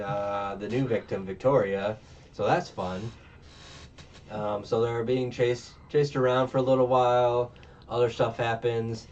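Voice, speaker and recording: A man's voice: fairly low pitch, a little mellow. A man casually recapping a movie plot, rambling with lots of ums and uhs and acting out the characters' lines. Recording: distant, muffled mic with faint noise.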